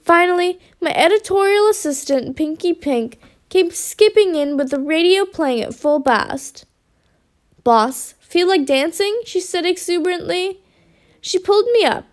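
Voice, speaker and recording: A woman reading a children's storybook aloud with lively expression. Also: very high-pitched, normal speed.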